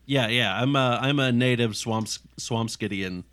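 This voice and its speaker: A man playing a tabletop game, introducing his character haltingly with many fillers. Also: mid-range voice, fairly bright tone. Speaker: player.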